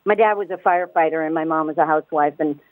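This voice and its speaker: Woman calling a radio show, fast and pushy, keeps restarting, sounds like a thin phone line. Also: low voice, dry recording. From United States. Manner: fast, emphatic, repeats words as she restarts. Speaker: caller. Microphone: telephone. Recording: tinny phone line, dry.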